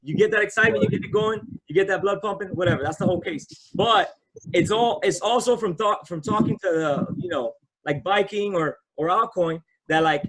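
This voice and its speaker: A man with a high-pitched voice hosts a casual video call. He talks in loose, slangy bursts that repeat themselves and keep picking up excitement. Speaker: host. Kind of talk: casual chat.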